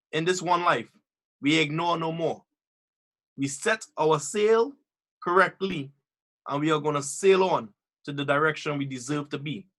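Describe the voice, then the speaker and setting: High-voiced emphatic male presenter. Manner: emphatic, rising to excited. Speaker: webinar presenter. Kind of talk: presenting clips with commentary.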